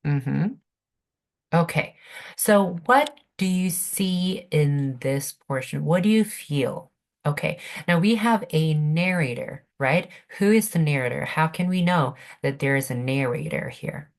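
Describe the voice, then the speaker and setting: A woman's voice: deep voice, measured pace. A woman teaching a literature class online, speaking patiently and checking in with her students over a video call. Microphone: computer mic on video call.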